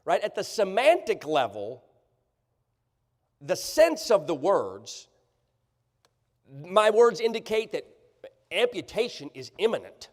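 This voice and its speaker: A man preaching a sermon, sarcastic and animated, often checking that the congregation follows him. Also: high-pitched, slow, long pauses. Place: church sanctuary. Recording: church livestream, long hall reverb.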